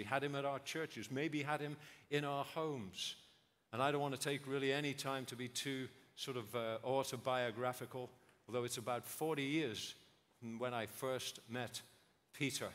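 Earnest male preacher in a reverberant hall. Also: a bit bright. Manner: earnest, rhetorical, mimics bland voices in high tones. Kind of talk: memorial sermon.

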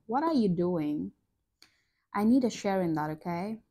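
A young woman giving a collective tarot reading, talking to viewers in an excitable way that is full of exclamations. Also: fairly low pitch, moderate pace. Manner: excitable, exclaiming, breathy gasps and laughs. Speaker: tarot reader.

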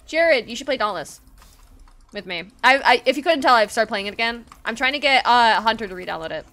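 A high, bright-voiced woman streaming games live, bouncing all over her range as she gushes to her viewers. She swears freely, squeals and breaks into laughter between lines, all in loose, casual chat. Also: fairly quick. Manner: excitable, gushing, swears a lot. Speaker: game streamer.

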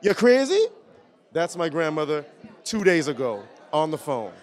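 Animated man at an outdoor event. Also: fairly high pitch, moderate pace, a faint crowd. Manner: animated, repeats words, tells stories. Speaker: award honoree. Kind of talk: red carpet interview.

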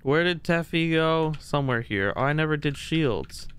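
A man's voice: on the high side, lively intonation, normal speed, a bit bright, clean tone. A man streaming a game live, talking to his viewers and teammates in a playful, mock-boastful, chatty way.

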